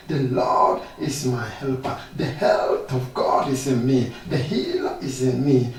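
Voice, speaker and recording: A male pastor delivers a healing sermon, reading scripture and building into bold declarations. He speaks slowly in a mellow tone. The recording is very echoey, taken from some distance, with faint background noise. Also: medium pitch. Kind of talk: preaching sermon. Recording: echoey room, mic at a distance.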